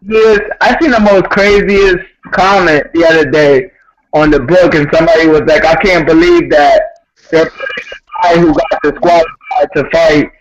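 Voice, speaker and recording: A man giving blunt, excitable boxing opinions, swearing casually. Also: on the high side, moderate pace, noisy background. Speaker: guest analyst. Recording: lo-fi call with loud crowd behind.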